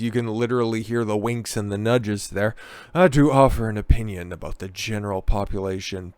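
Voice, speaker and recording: A man's voice: lowish voice, smooth, no echo. A man hosting a political commentary show. He talks sarcastically and swears often, with mocking asides.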